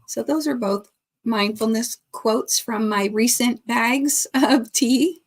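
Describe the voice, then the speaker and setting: A woman's voice: fairly high pitch, slow. A woman hosting a casual live stream, chatting and reading viewer comments aloud, laughing often.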